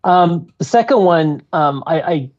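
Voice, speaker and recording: A man's voice: a little high, expressive, unhurried, darkish tone, lo-fi sound. A man in a podcast discussion who reads out quotes carefully and speaks earnestly. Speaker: podcast guest. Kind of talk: casual discussion.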